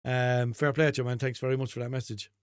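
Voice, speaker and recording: A man's voice: mid-range voice, little pitch movement, fast talker, smooth, no echo, studio quality. A man from Limerick with a Limerick Irish accent, hosting an unscripted podcast in a rambling, sweary, jokey way. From Limerick, Ireland. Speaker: podcast host. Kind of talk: unscripted casual podcast chat.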